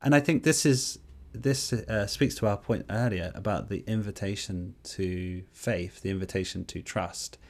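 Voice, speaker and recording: A man co-hosting a podcast, telling a story in a casual conversational way, with animated stops and restarts. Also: on the low side, normal speed, hardly any pauses. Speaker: podcast co-host.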